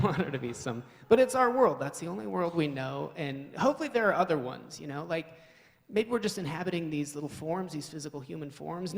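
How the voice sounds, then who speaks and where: A man's voice: sits high, vocal fry. A man doing live stand-up comedy in a wry, rambling, self-mocking way, at a live event hall.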